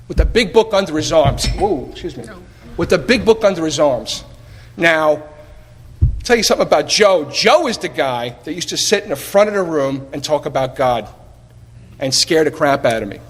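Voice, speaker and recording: A man shares his recovery story before a live audience, lively and wry, throwing out rhetorical questions and playing both sides of old conversations. His voice sits fairly high. The tape carries the long reverb of a large meeting hall. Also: a little hiss or hum. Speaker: speaker sharing at a recovery meeting. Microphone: taped at a live meeting.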